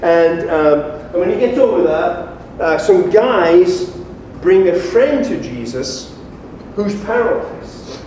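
A man preaching a casual, animated sermon to a congregation, talking informally as a pastor. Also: high voice, slow, few pauses, a little hiss or hum. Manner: animated and informal, acts out quoted voices. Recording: echoey hall, distant mic.

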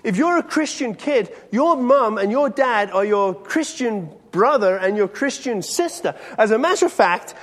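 A middle-aged male pastor preaches in a bright, fairly high voice that climbs and falls with animation. He talks to the congregation conversationally, quizzing them directly, with a long reverb from the hall around him. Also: lively intonation, normal speed, few pauses. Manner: conversational, questions the audience directly. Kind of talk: sermon to a congregation.

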